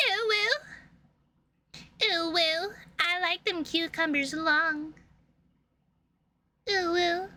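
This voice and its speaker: Bright high-voiced goofy woman streamer. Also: lively intonation, slow pace, pauses often, a little hiss or hum. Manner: goofy, rambling, jokey, lots of laughing. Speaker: streamer playing a visual novel. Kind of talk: casual streaming chat. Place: home room.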